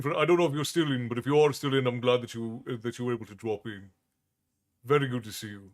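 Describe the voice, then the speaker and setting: A man's voice: medium pitch, fairly even intonation, quick pace. A man from Ireland hosting a livestream, chatting casually and greeting viewers by name in a friendly, rambling way. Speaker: livestream host and storyteller. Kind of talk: casual chat with stream viewers.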